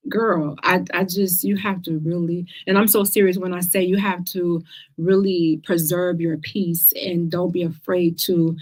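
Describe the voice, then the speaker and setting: Woman, talk show host, casual livestream chat, direct, lively, slightly low pitch. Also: measured pace. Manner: lively, direct, speaks to listeners as girl and y'all.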